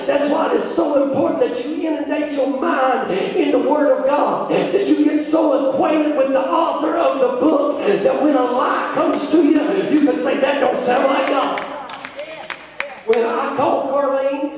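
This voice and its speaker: A man preaching a fervent sermon as pastor, rising at times to shouts. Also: extremely high pitch. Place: church sanctuary. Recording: echoey church hall from far off.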